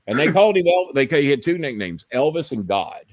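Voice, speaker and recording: A man's voice: a little high, fairly quick, dry recording. A man, hosting a live podcast and telling long, profane, rambling stories. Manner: profane, rambling, animated storyteller. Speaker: podcast host. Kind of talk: casual storytelling on a live stream.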